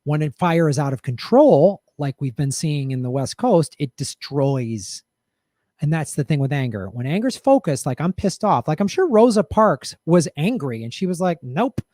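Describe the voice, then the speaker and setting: A man's voice: on the high side, sing-song, normal speed, warm tone, no room sound, studio quality. A middle-aged man hosting a show, telling a personal story and giving blunt, profane commentary in a casual monologue. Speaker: podcast host.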